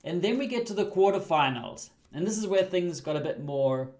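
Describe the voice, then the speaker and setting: Chatty New man with high pitch. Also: moderate pace. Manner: chatty, laughs often, excited asides. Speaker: livestream host. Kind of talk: casual game commentary.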